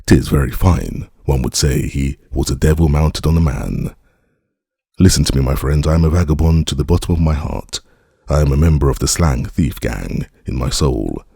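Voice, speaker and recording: A man's voice: a bass voice, normal speed, vocal fry, warm tone, husky, dry recording, studio quality, heavily acted. A man voicing a boastful young male rogue in armor in an audiobook, with rowdy, swaggering declamation.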